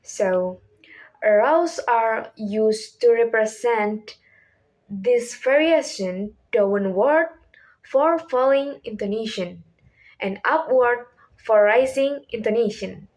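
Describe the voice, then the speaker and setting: A young woman, a student, explaining a class topic slowly and carefully, with learner's phrasing and self-corrections. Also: on the high side, a little mellow, poor audio. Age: young adult. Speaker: student presenter.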